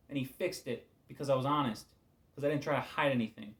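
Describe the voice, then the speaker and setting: A man giving an informal devotional talk as a preacher, casual and candid, weary and subdued, often trailing off into quiet asides. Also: mid-range voice, fast talker.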